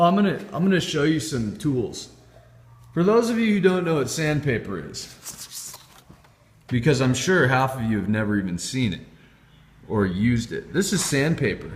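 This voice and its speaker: A man hosting a casual vlog in a home workshop, rambling and swearing as he jumps between topics. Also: medium pitch. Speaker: channel host. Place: home workshop showing tools. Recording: long reverb.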